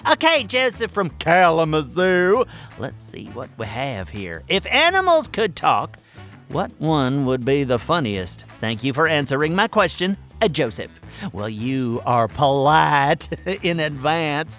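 A small furry creature hosts a kids' audio mailbag show, voiced by an actor, boastful and easily flustered. The voice is bright and crisp and swoops up and down with sing-song energy. Faint music plays behind it. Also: medium pitch. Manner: excitable, chatty, easily flustered, lively sing-song delivery. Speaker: host of a listener mailbag show. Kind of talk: scripted children's audio comedy.

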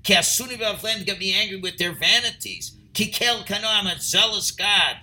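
Torah teacher, high ringing voice, bright, translates line by line, punches key points loudly. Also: male voice, normal speed, poor audio. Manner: reads Hebrew phrases then translates, rising to near-shouting emphasis. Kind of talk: text study class, reading and translating.

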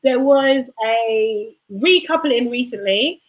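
Woman co-host, chatty storyteller, pitched a little high. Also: animated, slow pace, low-quality recording. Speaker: podcast co-host. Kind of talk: casual chat.

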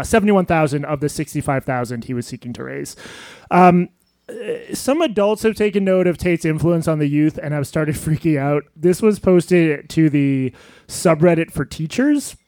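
Brief: wry male podcast co-host, higher voice, dry close sound. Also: moderate pace, a little mellow, no room sound. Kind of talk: live podcast, reading quotes aloud. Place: live venue stage.

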